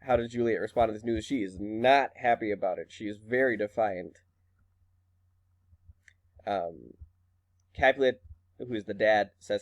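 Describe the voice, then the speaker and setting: A man's voice: fairly low pitch, measured pace, pauses often. A man teaching a class, explaining a play in a casual, chatty way with fillers. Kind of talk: lesson reading and explaining a play.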